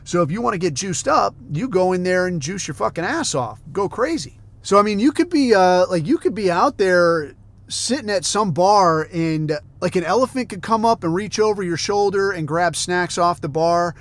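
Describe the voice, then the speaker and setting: A man's voice: high-pitched, animated, normal speed. A middle-aged man hosting a podcast, telling rambling stories in a casual, heavily profane rant. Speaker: podcast host.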